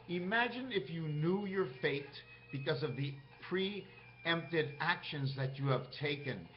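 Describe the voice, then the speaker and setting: A man talking in a rambling monologue, jumping from topic to topic and asking questions of himself. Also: on the high side. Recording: muffled lo-fi recording with faint music.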